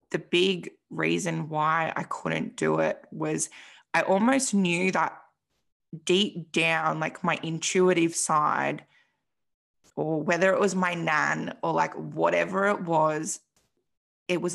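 Low, gravelly-voiced young woman telling her story. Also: slow pace, a bit bright. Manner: emotional, frank, swears freely, says "like" often. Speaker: podcast guest. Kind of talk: candid personal story in an interview.

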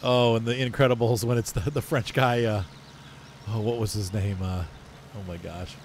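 A man casually commentating his own farming game, chatty and self-mocking, often jumping into playful high exclamations. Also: fairly even intonation, moderate pace, darkish tone, slight background noise. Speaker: gameplay commentator. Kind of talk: casual let's-play commentary.

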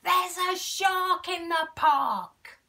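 A woman voicing an excited little boy who shouts an alarm in a picture-book story. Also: very high voice, voice pushed up, heavily acted. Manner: shouting, drawn-out.

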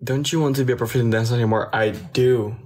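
A man's voice: medium pitch, steady tone, fast, a little mellow. A young man with a Belgian French accent, reading viewer comments aloud on a phone live stream and answering them casually in English and French.

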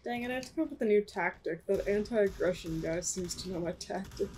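A woman's voice: mid-range voice, fairly quick, mellow. A woman hosting her gaming channel, chatting playfully and making fun of herself while she plays. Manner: playful, jokey, self-mocking. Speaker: channel host. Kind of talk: casual gameplay chat.

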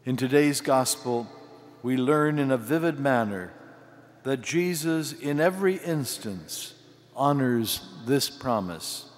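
An older man preaches a homily, breaking his lines into short, deliberate phrases. He speaks very slowly at a middle pitch. His voice rings out with the long reverb of a large cathedral. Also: expressive. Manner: slow, measured delivery in short phrases. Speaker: archbishop preaching. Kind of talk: sermon.

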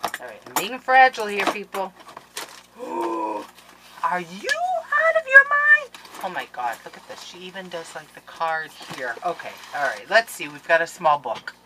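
A woman hosting a crafting channel, chatting casually to viewers in a gushing, excitable way as she opens mail at home. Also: low-pitched, a little fast. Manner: excitable and gushing, with gasps and laughs. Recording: noisy background with clicks.

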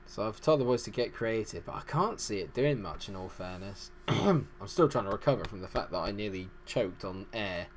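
A man's voice: lowish voice, animated, normal speed, hardly any pauses, a little hiss or hum. Rambling man doing game commentary. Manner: rambling, self-deprecating chatter. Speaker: gaming channel host. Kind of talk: casual let's-play commentary.

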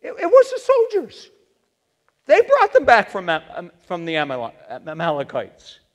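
A man's voice: high voice, wildly swooping pitch, unhurried, lo-fi sound, heavily acted. A man voicing a defensive ancient king who stammers out excuses, in a sermon. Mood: flustered excuses. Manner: stammering, whiny. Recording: long reverb of a church sanctuary.

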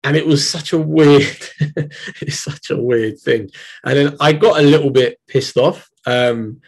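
A young man with a London accent, a poet giving a reading and talking between poems in a measured, reflective way. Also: on the high side, gravelly, husky, rough recording. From Britain. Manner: measured, reflective, hesitant asides. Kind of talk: poetry reading with spoken asides.

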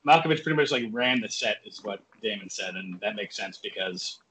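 A male podcast guest on a video call, telling animated stories in casual chat and swearing freely. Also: lowish voice, fairly quick, slight background noise, low-quality recording.

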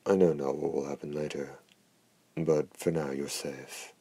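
A man's voice: rumbling low, fairly even intonation, unhurried, dark tone, husky, full character voice. A man reading the lines of a formal noble countess who speaks in stiff, old-fashioned phrasing. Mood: grave.

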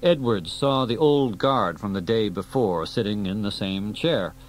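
A man reading an audiobook aloud in a steady storytelling delivery. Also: lowish voice, a little slow, a little hiss or hum, poor audio. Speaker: audiobook reader. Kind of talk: audiobook narration.

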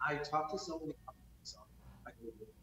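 Goofy, crude man on a bright-toned livestream. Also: a little high, racing, echoey room, rough recording. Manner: crude, goofy, laughing, off-the-cuff rapping. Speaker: livestream host. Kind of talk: casual livestream chat.

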